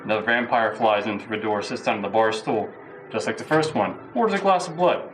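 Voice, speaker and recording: A man's voice: on the low side, brisk, a bit bright, faint music behind, rough recording. A man casually telling a joke in a loose, rambling way with fillers.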